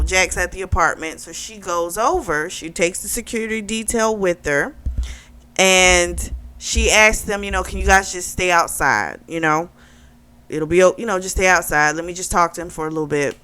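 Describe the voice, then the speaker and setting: Retelling a novel in a chatty way, this woman voices the characters' lines and fills her speech with fillers for her book club vlog. Her mid-range voice sounds pushed, bright and smooth.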